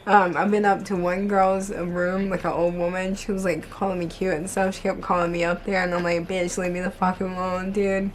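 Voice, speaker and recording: A woman's voice: lowish voice, flat delivery, fairly quick, few pauses, a little hiss or hum. A young woman vlogging to camera, telling work stories bluntly, with heavy swearing and constant "like". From United States. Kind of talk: casual storytelling to camera.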